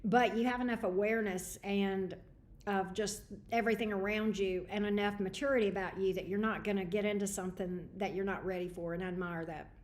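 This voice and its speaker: A woman's voice: mid-range voice, fairly even intonation, fairly quick, darkish tone. A woman hosting a livestream tarot reading, chatty and greeting viewers by name. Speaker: tarot reader. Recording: echoey room.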